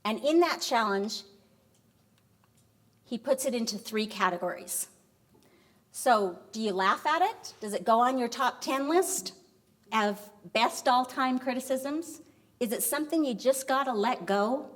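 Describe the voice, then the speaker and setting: A middle-aged woman giving a lecture, telling a story in an animated way and acting out the dialogue. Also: fairly high pitch, unhurried. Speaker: university vice president giving a lecture.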